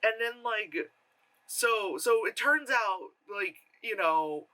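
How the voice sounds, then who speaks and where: A man's voice: high-pitched, lively intonation, slow pace, pushed and bright. A man giving a casual, rambling film review with sarcastic asides and lots of fillers. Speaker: movie reviewer.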